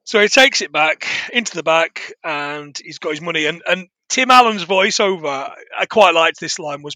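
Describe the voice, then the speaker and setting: A man's voice: on the high side, animated, moderate pace, few pauses, pushed and bright, no room sound. A man chatting casually as a podcast co-host, rambling with frequent laughs and restarts. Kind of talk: casual film review chat.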